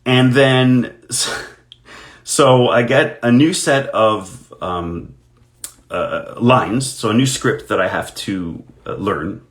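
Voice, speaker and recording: A man's voice: medium pitch, slow pace. A man, an actor, chatting casually on a live stream while signing autographs, telling anecdotes in a self-deprecating way.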